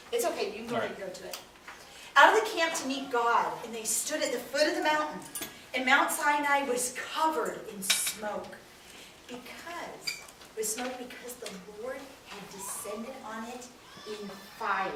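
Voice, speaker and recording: A woman telling a Bible story to children with lively expression, quizzing them as she goes. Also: a little high. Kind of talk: animated Bible lesson for kids. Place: classroom with children. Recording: echoey room, far from mic, noisy.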